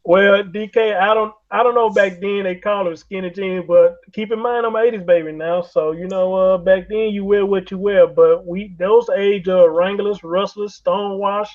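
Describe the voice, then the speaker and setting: A man's voice: high voice, fairly even intonation, moderate pace, few pauses. A man, hosting a casual online panel chat in a laid-back, slangy drawl. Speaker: host. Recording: lo-fi call audio.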